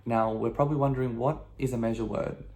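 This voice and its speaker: A man who speaks English natively, teaching a video lesson at a middling pitch. He explains step by step in a patient, steady way and keeps checking that the viewer follows. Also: fast talker. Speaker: language teacher.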